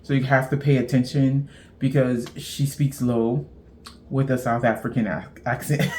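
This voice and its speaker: A woman's voice: a bass voice, steady tone, moderate pace, darkish tone, slight background noise. A middle-aged woman from Central Texas, chatting casually as host of a knitting show, rambling and laughing at herself.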